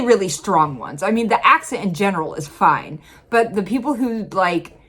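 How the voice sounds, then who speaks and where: A woman from Illinois reacting to a video in casual, chatty commentary, laughing often and jumping up in pitch when she stresses a point. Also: fairly bright tone. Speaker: reaction vlogger.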